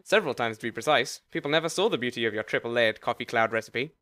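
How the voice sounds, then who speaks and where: A man's voice: medium pitch, expressive, quick pace, pushed and bright, dry recording, studio quality. Man doing a suave afterlife agent. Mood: smooth. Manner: polished salesman patter, formal. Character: smooth, courteous male afterlife agent.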